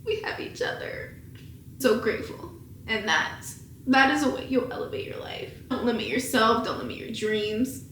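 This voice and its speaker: At home indoors, a twenty-something woman vlogger with a fairly high, slightly bright voice talks to camera at normal speed. Like a big sister's pep talk, she's candid and emotional, with casual swearing. Her audio is echoey, with faint hiss in the background.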